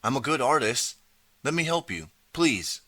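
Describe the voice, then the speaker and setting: A man's voice: medium pitch, big pitch swings, unhurried, pushed and bright, dry recording, pitched above the performer's own voice, exaggerated voice. A man voicing a desperate, eager boy who keeps pleading to be believed. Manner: pleading, earnest.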